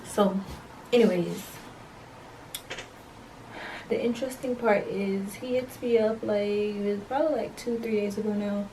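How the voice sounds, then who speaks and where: A young woman tells a story to her camera at home late at night, chatty and full of slang. Her voice is mellow and soft-edged. It sounds a little distant from the mic, with a light hiss underneath. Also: medium pitch, steady tone, measured pace, long pauses. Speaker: vlogger. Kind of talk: casual story time.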